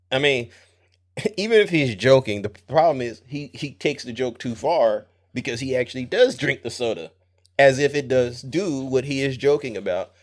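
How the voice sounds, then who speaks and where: An excitable man runs a live political stream, talking to his audience in a voice of middling pitch. He laughs often and breaks into bursts of emphasis, turning every clip into a running reaction. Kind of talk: animated live-stream commentary.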